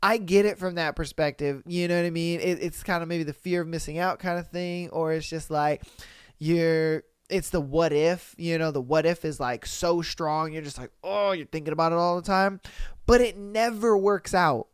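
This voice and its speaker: A man hosting a podcast, reading out posts and reacting with loud, profane, animated commentary and frequent laughter. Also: on the high side, normal speed, clean tone, no room sound, clean studio sound. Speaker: podcast host. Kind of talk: casual solo commentary on reader posts.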